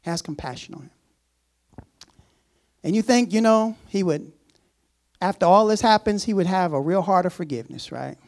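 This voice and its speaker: A man preaching a sermon. He reads scripture aloud, breaks off with laughing asides, and acts out the servant's words in a low, casual voice. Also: fairly quick, darkish tone.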